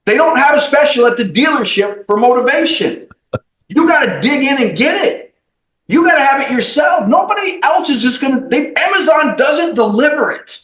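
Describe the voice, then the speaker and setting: A man's voice: very high voice, expressive, normal speed, fairly bright tone, roomy sound, rough recording. A man being interviewed as a company CEO on a podcast, giving emphatic, blunt motivational advice with some swearing. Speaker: guest, mortgage company CEO.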